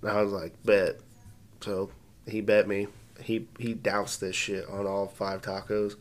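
A man's voice: on the low side, little pitch movement, measured pace, slight background noise. A man co-hosting a casual podcast, telling crude stories and laughing often. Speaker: podcast co-host. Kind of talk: casual chat.

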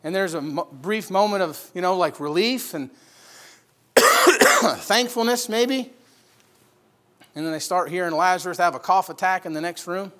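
A male preacher with a notably high voice walks his listeners through a scripture story. He asks them rhetorical questions as he goes. He swings between loud emphasis and hushed lines. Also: lively intonation, a little slow, pauses often. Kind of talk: expository sermon.

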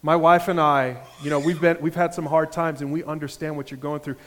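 A man voicing a gentle, compassionate Christian friend in a hushed, earnest way. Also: on the high side, fairly even intonation, brisk, big-room sound, lightly acted.

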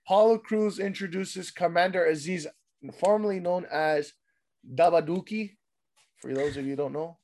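A hoarse man with a slightly raised pitch talks loosely through a wrestling recap. He swears freely, drops into quick mimicry of the people he describes, and lets his sentences trail off into mumbles. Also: a little mellow. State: losing his voice. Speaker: podcast host recapping wrestling. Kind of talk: casual chat.

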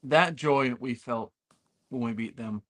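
A man co-hosting a casual sports chat, excitable and trash-talking about rival fans. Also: mid-range voice, measured pace. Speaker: podcast co-host.

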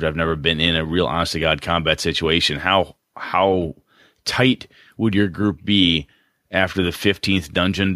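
Deep-voiced male co-host, dry close sound, rambling and chatty. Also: a bit bright, no room sound. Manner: rambling, chatty, self-interrupting. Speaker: podcast co-host. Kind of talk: casual podcast chat.

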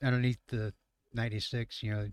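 A man's voice: mid-range voice, level tone, fairly quick, clean tone, dry recording, studio quality. Laughing, rambling trucker man. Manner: rambling, laughing, profane storyteller. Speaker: truck driver. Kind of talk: casual chat.

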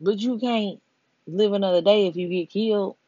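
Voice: mid-range voice, moderate pace, mellow, no room sound. A person giving a blunt, profane commentary rant straight to listeners, speaking emphatically and often asking "you know what I'm saying". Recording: dull, lo-fi, dry audio.

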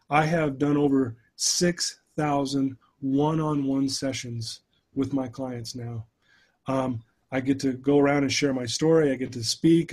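A middle-aged man, a guest life coach, telling his story in an animated, conversational way during a podcast interview. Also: mid-range voice, husky. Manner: animated storyteller who addresses the host by name.

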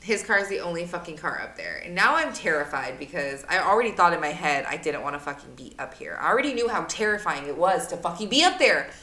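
A young woman in her twenties who co-hosts a podcast, telling a story casually, animated and swearing a lot. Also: lowish voice, fast, hardly any pauses. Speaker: podcast co-host. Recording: roomy echo.

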